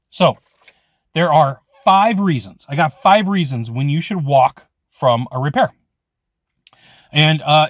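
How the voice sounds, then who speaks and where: A man's voice: mid-range voice, no echo, studio quality. A man teaching trade sales, talking bluntly and emphatically and acting out customer conversations. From California. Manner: blunt, emphatic, storytelling with quoted dialogue. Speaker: HVAC sales trainer. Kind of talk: casual instructional talk to camera.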